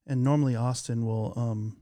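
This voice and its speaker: A man hosting a casual studio chat, talking in a lively, jokey way and acting out bits of his stories. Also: medium pitch, moderate pace. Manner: animated, jokey, acts out voices in stories. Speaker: podcast host. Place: office studio. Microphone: studio mic with headphones.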